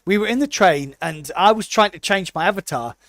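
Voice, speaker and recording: A British man co-hosting a casual podcast, telling a lively anecdote and briefly putting on the voices of the people in it. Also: high voice, no echo, clean studio sound. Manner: animated storyteller, puts on quick voices for people he quotes. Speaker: podcast co-host.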